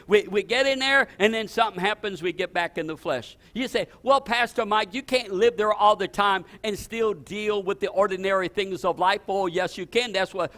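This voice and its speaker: Older man, pastor; high voice, animated storytelling sermon, repeats and builds to exclamations. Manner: animated, repetitive restarts, rising to exclamations.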